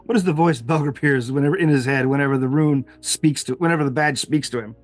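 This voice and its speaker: A man's voice: a little high, fast talker, soft background music. A man narrating as game master of a tabletop game, rambling with fillers and frequent laughs.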